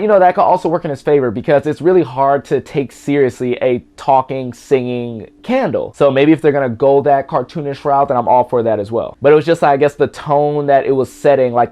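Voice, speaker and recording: A man in his twenties giving a casual reaction review at home, chatty and excitable, rambling with lots of fillers. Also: medium pitch. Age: 20s. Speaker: movie reviewer.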